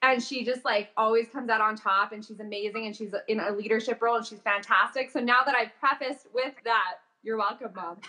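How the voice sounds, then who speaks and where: A young woman chatting casually, telling animated stories with frequent laughs and casual swearing. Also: sits high, moderate pace. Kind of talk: casual chat.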